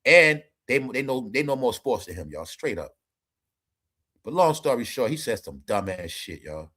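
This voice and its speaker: Forceful, profane male commentary host. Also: medium pitch, big pitch swings, normal speed. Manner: profane, emphatic, talks straight to viewers. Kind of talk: ranting entertainment commentary.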